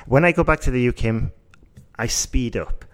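A man from England with a Yorkshire accent, an IELTS teacher talking through exam tips in a relaxed discussion, often restarting and rephrasing as he thinks. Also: medium pitch, moderate pace, clear, resonant tone. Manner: thoughtful, restarts and rephrases as he explains. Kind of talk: casual discussion.

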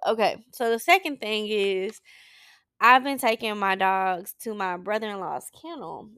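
Just a woman talking about her week on her podcast, candid n rambly, kinda teary, fry in her voice, dry sound. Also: medium pitch, measured pace, bright, forceful tone, no room sound. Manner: candid, emotional, rambling with restarts. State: tearful. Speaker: podcast host. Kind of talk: personal check-in talk. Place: Saint Louis.

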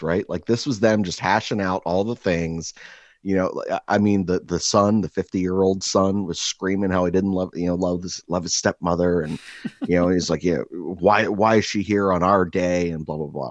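A deep-voiced man spins a crude comic story for his co-host, animated and rambling, full of filler words. The sound is dry and a bit dull, like a lo-fi room recording. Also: a little fast, no echo. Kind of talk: casual comedic storytelling. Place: indoor room, seated across from co-host.

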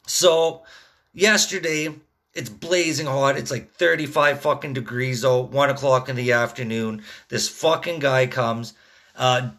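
Young guy ranting on his podcast, bright forceful voice, swears constantly, rambly stories. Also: mid-range voice. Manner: profane, rambling storyteller, lots of "dude" and "man". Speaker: podcast host; construction worker. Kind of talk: casual monologue.

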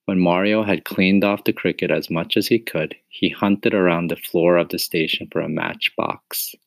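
Male narrator reading a children's book, very low and gravelly, measured and dry. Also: fairly even intonation, no echo. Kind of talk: storybook reading.

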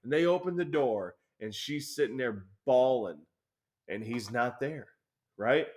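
A man's voice: mid-range voice, animated, a little slow, darkish tone. A young man telling a rambling, profanity-filled story in casual chat as a podcast co-host.

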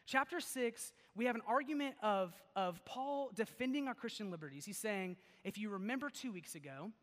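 A young male pastor with a high, bright voice delivers a laid-back sermon. He rambles through stories, peppering them with "like" and "okay?". His words ring with the long reverb of a large church hall. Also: moderate pace. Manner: chatty and animated, lots of "like" and "okay?". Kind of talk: casual sermon with personal stories. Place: church sanctuary.

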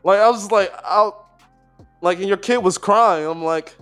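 A man's voice: high voice, moderate pace, fairly bright tone, faint music behind. Rambling man chatting on a podcast. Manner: rambling, many "like" fillers and restarts, swearing. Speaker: podcast co-host. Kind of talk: casual podcast chat.

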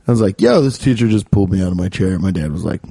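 A man hosting a casual podcast, telling profane stories and dropping into quick voices of the people in them. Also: low voice, gravelly, slightly rough, dry recording. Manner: profane, animated storyteller doing quick voices of others. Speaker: podcast host. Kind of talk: casual storytelling chat.

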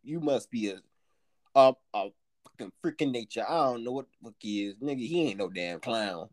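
A young woman co-hosting a casual podcast, telling stories in a loud, profane, animated way. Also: extremely low pitch, normal speed, no room sound. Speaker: podcast co-host.

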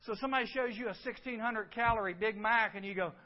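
High-voiced man preaching to youth. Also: fast talker. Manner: animated storyteller, acting out scenes, dropping to hushed tones. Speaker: youth camp speaker. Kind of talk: youth sermon with storytelling. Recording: dull lo-fi recording.

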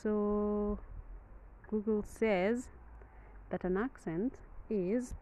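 A Kenyan-accented woman hosts a casual podcast monologue outdoors, wind noise blowing across the poor audio. Her mid-range, dark-toned voice moves unhurriedly as she rambles and chats, correcting herself as she goes.

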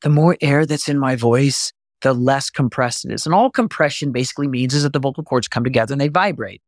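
Male voice coach, mid-pitched and earnest, teaching in a dry, close space. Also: dry recording. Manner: earnest, explains with demonstrations. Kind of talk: instructional talk to camera.

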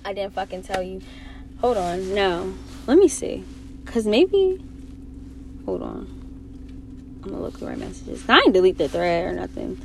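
A woman's voice: mid-range voice, moderate pace, gravelly, pauses often, background noise. Blunt, profane young American woman. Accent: American English, Delaware. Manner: blunt, profane, animated storytelling. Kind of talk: casual chat.

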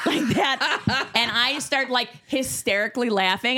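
A woman in her thirties telling a funny story in casual podcast chat, animated and laughing, swearing freely. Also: on the high side, normal speed, few pauses. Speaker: podcast guest.

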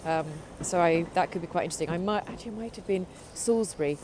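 A woman's voice: fairly low pitch, fast, background noise. An English woman hosting a show, chatting casually and rambling with lots of fillers and hedges. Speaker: host. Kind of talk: casual radio chat.

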